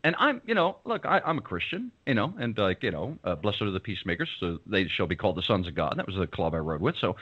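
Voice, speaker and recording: Male radio host, casual storyteller, quick, lively pitch, dull lo-fi sound. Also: slightly rough. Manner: animated, acts out the people in his story.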